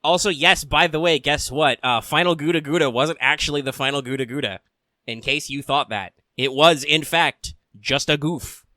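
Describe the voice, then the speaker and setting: A man's voice: on the high side, normal speed, sharp tone, dry recording, studio quality. A man co-hosting a podcast, chatting casually in a wry, rambling way with lots of fillers. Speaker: podcast co-host. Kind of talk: casual chat.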